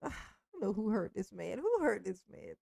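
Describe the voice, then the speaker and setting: A woman's voice: mid-range voice, big pitch swings, moderate pace, vocal fry, mellow, no echo, clean studio sound. A woman giving blunt, profane reaction commentary, laughing often. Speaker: commentary host reacting to a clip.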